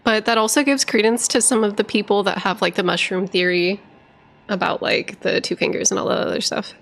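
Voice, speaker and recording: A woman's voice: mid-range voice, fairly even intonation, a little fast, vocal fry, a bit bright. A woman streaming a video game, chatting casually and giggling, who switches to baby talk with her dog. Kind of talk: casual live-stream chat.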